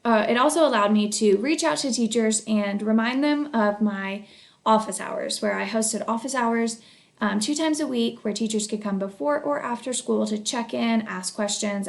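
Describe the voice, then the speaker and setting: A woman with a mid-range voice and noticeable vocal fry walks through a school project she led as a technology coach. She speaks in an earnest, measured way and often fills pauses with ums and uhs. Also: medium pitch, animated. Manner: earnest, measured, with frequent fillers. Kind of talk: recorded capstone project presentation.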